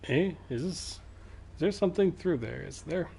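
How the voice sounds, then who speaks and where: A man's voice: on the high side, lively intonation, normal speed, creaky, warm tone, slight background noise, voice pushed up. A man voicing a cheeky, bossy little male fairy with a blunt, slangy way of barking.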